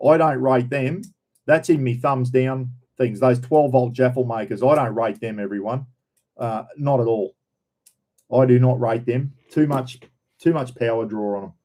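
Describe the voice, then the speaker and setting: With a mellow, medium-pitched voice, a middle-aged livestream host with an Australian accent chats casually, reading viewer names aloud and greeting them. He rambles, repeats himself, and keeps saying "everyone" and "bloody."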